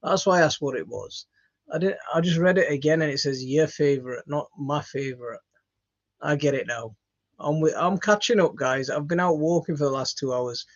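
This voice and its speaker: A man's voice: fairly high pitch, moderate pace, muffled recording. A tired man hosting a live stream, chatting casually and hesitantly with many ums and restarts while he answers viewer comments.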